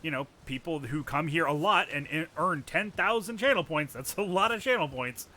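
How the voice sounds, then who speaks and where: Man, live streamer, bright forceful tone, somewhat high voice, laid-back swearing chat. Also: normal speed. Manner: relaxed, profane and laughing.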